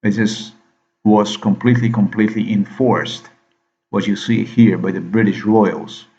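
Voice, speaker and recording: A man with a lowish voice rants in a long, repetitive monologue, hammering the listener with questions. The sound is dull and lo-fi. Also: fairly even intonation, a little slow, warm tone. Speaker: vlogger. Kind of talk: rambling monologue to camera.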